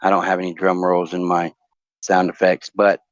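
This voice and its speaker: A man's voice: low-pitched, completely flat delivery, normal speed, no echo, muffled recording. A man hosting a casual talk show, joking and rambling through would-you-rather questions with lots of fillers.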